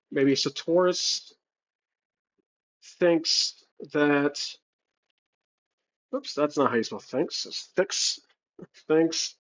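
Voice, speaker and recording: This is casual narration of a solo tabletop game: a man thinks aloud while writing and rolling dice, using fillers and correcting himself, in a home room where a cat is present. He has a fairly high-pitched, fairly bright voice, captured on a muffled recording.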